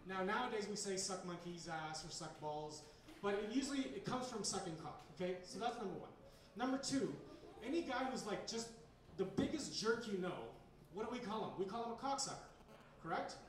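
Man, stand-up comedian, high-pitched, rambling and hesitant, distant, very echoey bar room. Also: a little fast. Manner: rambling, hesitant delivery with many fillers. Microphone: handheld recorder in the audience.

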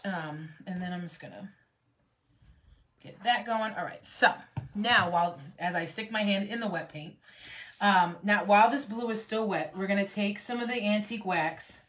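A woman's voice: mid-range voice, moderate pace, fairly bright tone. Chatty woman teaching a painting craft. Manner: chatty, rambling, lots of fillers. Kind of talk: casual live painting tutorial.

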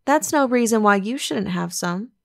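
A woman's voice: mid-range voice, lively intonation, moderate pace, creaky, fairly bright tone. A woman voicing an eager, obliging young male gardener with earnest rustic dialect talk in an audiobook reading.

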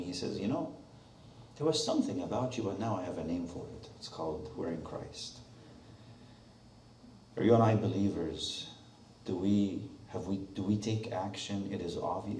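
Man, preacher, low voice, sermon, rhetorical questions, distant mic, echoey church. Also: darkish tone, a little hiss or hum. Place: church sanctuary.

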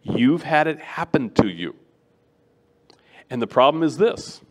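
A middle-aged man giving a sermon as a guest preacher, animated and acting out the voices of people he quotes. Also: medium pitch, a little slow.

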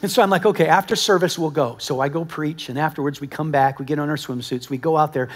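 A male pastor preaching a sermon in a conversational, animated storytelling manner, talking directly to his congregation. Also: on the high side, fast talker, slightly rough. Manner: animated storytelling with acted-out quotes. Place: church service with a congregation.

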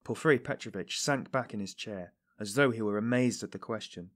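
A man narrating a classic novel as an audiobook in a measured, low-key way. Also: a bit bright. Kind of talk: scripted narration.

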